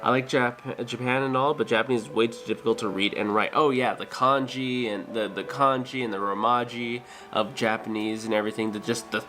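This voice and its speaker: A man's voice: mid-range voice, steady tone, brisk, hardly any pauses, pushed and bright, soft background music. A man chatting casually with his stream viewers, hesitant and full of fillers and restarts. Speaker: streamer and dental worker.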